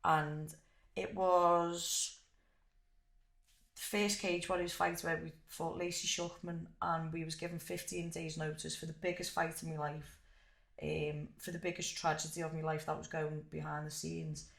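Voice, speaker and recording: A young woman tells stories in a gravelly, fry-edged voice. She talks with animated, unfiltered energy and swears freely. The room around her sounds echoey. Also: low voice, a little slow. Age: young adult. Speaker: guest fighter. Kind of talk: casual interview chat.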